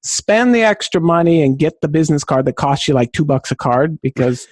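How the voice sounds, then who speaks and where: A man from Southern California, a podcast guest who tells stories in an excitable, high-energy way. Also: fairly quick, no room sound. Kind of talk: enthusiastic podcast conversation.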